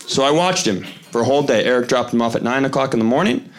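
A man performing a stand-up comedy routine, telling a story with animated delivery that climbs into near-shouts at the punchlines. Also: mid-range voice, fast talker, noisy background. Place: stage before a live audience.

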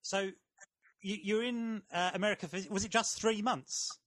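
Guy hosting a chat, high bright voice, dry close sound. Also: fairly even intonation, normal speed, no room sound. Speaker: host. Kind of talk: casual interview chat.

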